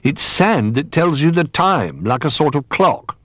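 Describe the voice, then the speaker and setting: A man's voice: a little high, sing-song, measured pace, no echo, studio quality, pitched above the performer's own voice, heavily acted. A man doing a patient toy bear who explains things. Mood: explaining. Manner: explaining, gently instructive.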